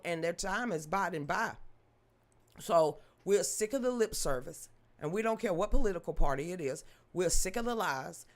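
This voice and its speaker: A woman hosting a live political commentary show from home, talking in a blunt, colloquial and emphatic way. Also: on the low side.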